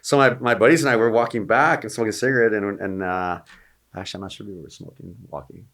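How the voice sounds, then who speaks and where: A man's voice: on the low side, quick pace, a bit bright. A middle-aged man, a Marine veteran, telling long anecdotes in a casual, rambling way with many restarts. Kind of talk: casual storytelling.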